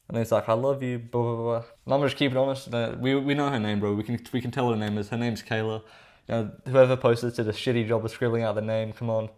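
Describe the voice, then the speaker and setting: A man's voice: medium pitch, darkish tone. A young man giving comedic commentary while reading text messages aloud, sarcastic and exasperated, with casual slang. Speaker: reaction commentator.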